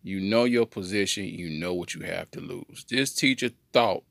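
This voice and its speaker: A man telling a comedic story on a podcast in an animated, slangy way. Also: low-pitched, moderate pace, vocal fry, dry recording, studio quality. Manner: animated, slangy, jumps into voices. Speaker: podcast co-host.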